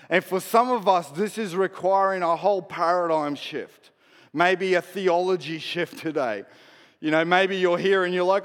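A man's voice: high-pitched, measured pace. Preaching man in a reverberant hall. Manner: conversational preaching, drops to soft asides then builds to emphatic declarations. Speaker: pastor. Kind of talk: sermon. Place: church hall.

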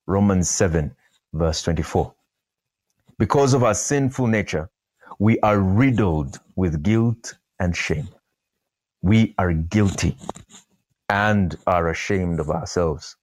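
A man delivers a sermon in a very deep voice at an unhurried pace. He leans on repetition to drive each point home. The sound is dry and close, with no room around it. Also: no room sound. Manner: slow, emphatic, repeats key phrases. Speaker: preacher. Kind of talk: sermon podcast.

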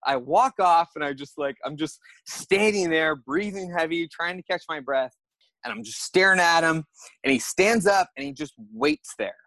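A young man, a podcast guest, telling a story in a lively way and acting out his own thoughts. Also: a little high, moderate pace, no echo. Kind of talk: animated storytelling.

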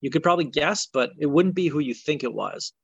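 A man's voice: on the high side, animated, fairly quick, vocal fry, slightly rough, no room sound. Man, casual sports podcast chat, exasperated ranting, dry close sound, slightly muffled. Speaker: podcast co-host.

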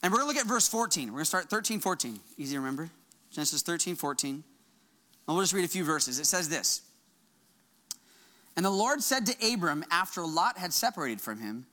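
A male pastor preaching a conversational sermon, breaking off and restarting his sentences and jumping up high when he acts out quoted lines. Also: a little fast. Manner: animated, voice jumps high when acting out quotes; conversational, self-interrupting.

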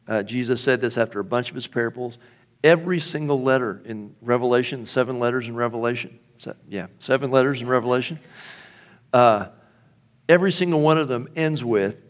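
Man, middle-aged, pastor, sermon, conversational, rhetorical questions, mid-pitched voice. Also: moderate pace.

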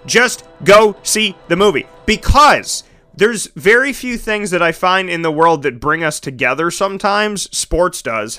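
Bright high-voiced excitable man. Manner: animated, emphatic, dramatic voice swings. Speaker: broadcaster and entertainment show host. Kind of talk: excited casual monologue.

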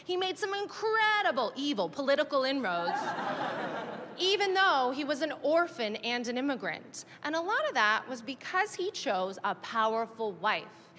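A woman stand-up comedian telling a story fast and animated, with shouted outbursts, recorded live at a comedy venue. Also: sits high. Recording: live venue, long reverb, crowd noise.

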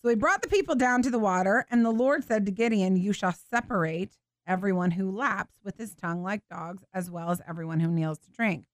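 A woman hosting a faith show, teaching from the Bible in an animated, expressive way and acting out what people in the story say. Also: medium pitch, fairly quick, few pauses, no room sound. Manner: animated, expressive, laughs and acts out voices.

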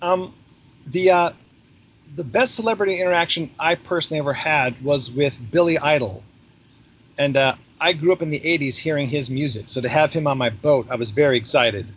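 A man's voice: on the high side, a little fast, a little hiss or hum. A middle-aged man, a podcast guest, telling stories in a casual interview and acting out the dialogue with energy. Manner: animated, acts out quoted dialogue. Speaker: podcast guest, former theme park ride skipper.

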